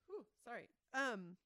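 A fairly high, pushed and bright female voice comes through a dry recording. She's a podcast co-host in casual conversation, reasoning things through analytically and thoughtfully, sometimes reading quotes aloud.

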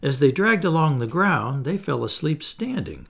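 A man reading a children's story aloud in a gentle, expressive narration. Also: a little high, normal speed, vocal fry, breathy edge. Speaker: audiobook narrator.

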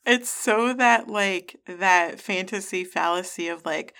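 A woman co-hosting a casual book-talk podcast, with a voice pitched in the middle for a woman. She rants with sarcasm and drops swear words freely. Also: takes it slowly, vocal fry, a bit bright. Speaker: podcast co-host. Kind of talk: casual book-discussion chat.

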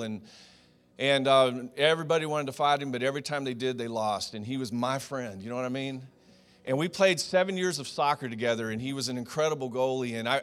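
Animated preacher telling stories. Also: male voice, mid-range voice. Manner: storytelling, animated and conversational, addressing the congregation as "guys". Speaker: pastor. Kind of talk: sermon.

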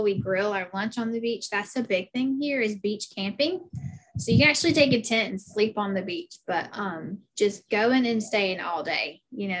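A woman's voice: mid-range voice, fairly bright tone. Chatty Southern woman guest. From South Carolina, US. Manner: chatty, many fillers and "like"s. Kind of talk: casual interview chat.

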